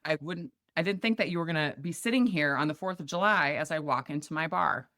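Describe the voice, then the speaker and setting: A woman's voice: low voice, brisk, no echo, studio quality. A middle-aged woman from Montana, a podcast guest telling a story in casual chat and acting out the voices of the people in it. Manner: animated, acts out quoted voices.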